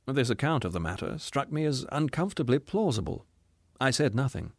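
A man narrating a story aloud in a measured, subdued way. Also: medium pitch, sing-song, husky, no room sound, studio quality. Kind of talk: audiobook narration.

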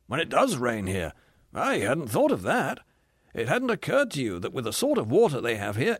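Putting on an exaggerated, creaky and slightly rough voice, a man plays a jaded, cynical ghost whose high pitch swings sharply upward as he rants in sneering scorn. The audio is dry and close-miked, with no surrounding room.

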